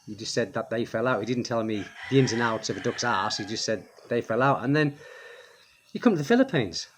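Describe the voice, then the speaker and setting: A man's voice: medium pitch, expressive, fairly quick, slight background noise. A man with an English accent, a vlogger casually retelling an encounter and repeating phrases for emphasis. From England. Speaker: expat vlogger. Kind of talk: casual storytelling.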